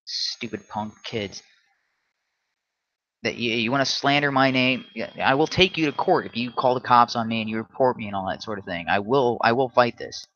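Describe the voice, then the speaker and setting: A man's voice: medium pitch, quick pace, few pauses, a bit bright, no room sound, highs cut off. A man hosting a solo livestream, ranting combatively and often stumbling into restarts. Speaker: livestream host.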